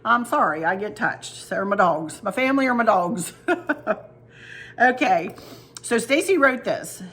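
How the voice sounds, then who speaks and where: Seated at her kitchen table, a female home decor vlogger chats casually while showing gifts to her audience. Her mid-range voice is animated and fairly bright, and she takes her time. She tells stories and speaks straight to her viewers in a chatty way.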